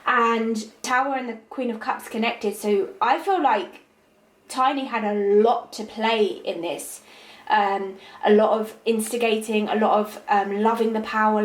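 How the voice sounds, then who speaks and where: A woman with a somewhat high voice delivers a tarot reading in a monologue. She talks intuitively, halting on fillers and then repeating words for emphasis. The recording has a noticeable room echo. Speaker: tarot reader.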